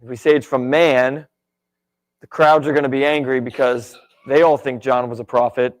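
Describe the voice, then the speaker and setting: A man voicing a group of scheming male temple elders who huddle and plot in hushed tones. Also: medium pitch, little pitch movement, moderate pace, pitched below the performer's own voice, close to an everyday voice. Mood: conspiratorial.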